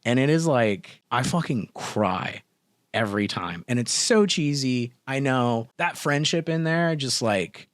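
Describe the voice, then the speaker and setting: A man's voice: mid-range voice, animated, measured pace, no room sound. A young man co-hosting a horror podcast, chatting casually, rambling emotionally and swearing. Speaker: podcast co-host. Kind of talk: casual chat.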